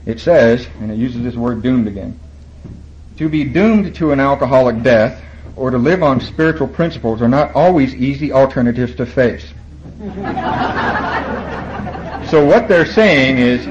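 A man's voice: medium pitch, lively intonation, unhurried, long pauses, a little hiss or hum. A man speaking at a recovery meeting, telling his story in a wry, self-mocking way and acting out what others said. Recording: dull lo-fi room recording, faint ambience.

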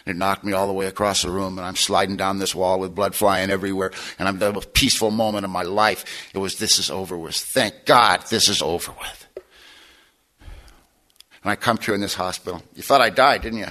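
Bright-toned man telling his story. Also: low-pitched, level tone, fast, hardly any pauses. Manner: storytelling, intense, drops to quiet emphasis. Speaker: recovery meeting speaker. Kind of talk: personal testimony talk.

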